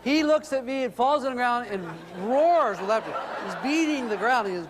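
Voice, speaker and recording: A middle-aged man telling humorous family stories in an animated way to an audience. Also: brisk, few pauses, long reverb tail, noisy background. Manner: animated, rises in pitch when excited. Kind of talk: humorous storytelling talk.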